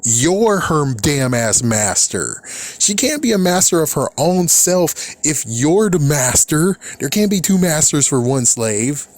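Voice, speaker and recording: A man's voice: fairly high pitch, animated, measured pace, hardly any pauses, a little mellow. A young adult man giving casual reaction commentary, rambling and swearing freely with frequent laughs. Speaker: reaction video host.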